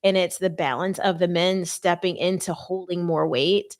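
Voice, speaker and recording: A woman's voice: fairly low pitch, steady tone, normal speed. A woman host talking earnestly and conversationally about faith and marriage preparation, with playful asides. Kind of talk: faith-based marriage advice talk.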